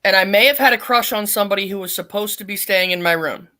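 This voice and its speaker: A middle-aged woman, a podcast guest, telling a long story in a blunt, profane and animated way. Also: medium pitch, fast. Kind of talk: casual storytelling.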